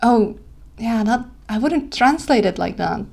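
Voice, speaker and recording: A woman's voice: on the high side, animated, unhurried, vocal fry, a little mellow. A young woman with a Dutch accent chats on her live stream in an easy, casual way. She sounds tired, laughs a lot, and stops to correct herself and say sorry. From Netherlands. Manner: giggly, self-correcting, apologetic.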